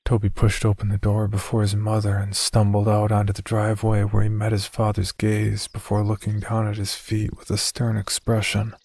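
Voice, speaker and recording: Deep, flat, gravelly male horror narrator. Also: moderate pace, hardly any pauses, no echo, studio quality.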